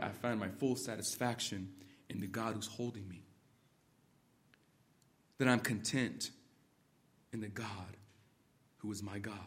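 A man preaching an expository sermon, moving between quiet reflection and emphatic exhortation. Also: medium pitch. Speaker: pastor.

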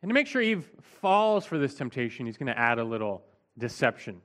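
A man teaching through a scripture passage as a preacher, at an average pitch for a man. He talks conversationally and with emphasis, dropping in a casual "like" as he goes. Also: big pitch swings, a little fast, fairly bright tone. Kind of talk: expository Bible teaching.

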